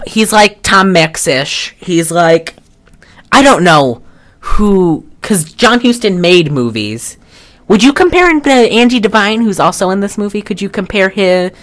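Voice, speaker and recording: A woman's voice: mid-range voice, a bit bright. A woman co-hosting a podcast, reviewing a movie in casual, rambling chat and swearing offhand. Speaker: podcast co-host.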